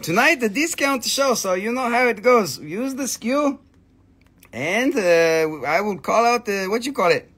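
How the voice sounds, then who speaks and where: A man hosting a live crystal sales stream in the shop, talking in a loose, excitable way and squealing with delight at each new price. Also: high-pitched, measured pace, husky. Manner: excitable, squeals "whee" at prices, non-native phrasing. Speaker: livestream crystal seller.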